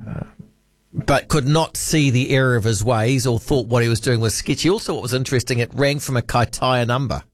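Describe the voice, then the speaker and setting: A man's voice: medium pitch, fairly quick, no echo. A man with a New Zealand accent hosting late-night talkback radio, chatty and rambling, often correcting himself mid-sentence. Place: radio studio.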